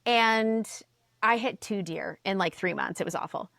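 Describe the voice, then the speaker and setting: Animated woman telling a story. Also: medium pitch, a little slow, vocal fry, dry recording, clean studio sound. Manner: animated storyteller, swears, acts out quoted voices. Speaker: podcast guest. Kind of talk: casual storytelling chat.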